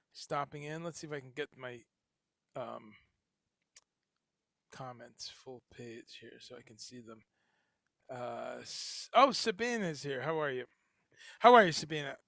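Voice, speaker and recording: A man's voice: fairly high pitch, vocal fry, bright, forceful tone, no echo, clean studio sound. A man hosting a casual livestream chat, talking in a rambling way with lots of fillers and restarts. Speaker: livestream host. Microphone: headphones and home streaming setup.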